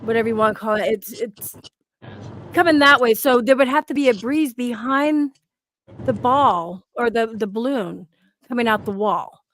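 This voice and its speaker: A woman's voice: a little high, moderate pace, fairly bright tone. A woman hosting a podcast, eagerly explaining replayed paranormal footage to listeners. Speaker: podcast host.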